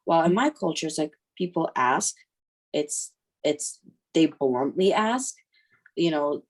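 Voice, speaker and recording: A woman's voice: deep voice, unhurried. A woman from Ukraine, a guest in a casual interview, telling stories and acting out the voices of people she quotes. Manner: lively storytelling that acts out quoted voices. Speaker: guest, mother.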